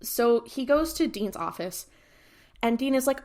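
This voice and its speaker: A woman co-hosting a podcast casually recaps an episode, animatedly acting out the characters' lines and saying "like" a lot. Her voice is a little high and unhurried.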